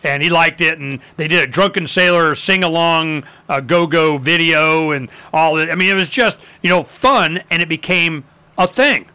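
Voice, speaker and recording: A bright, slightly high man tells history in a lively, chatty way. He acts out quotes with gusto and fills his talk with casual asides. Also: moderate pace, smooth. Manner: animated storyteller, acts out quotes, many fillers.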